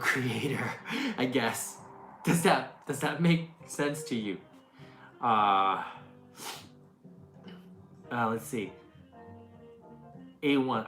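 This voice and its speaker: A woman who makes food videos, chatting casually and answering questions, with lots of fillers, restarts and laughs. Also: a bass voice. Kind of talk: casual Q&A chat. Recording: echoey room, faint music behind.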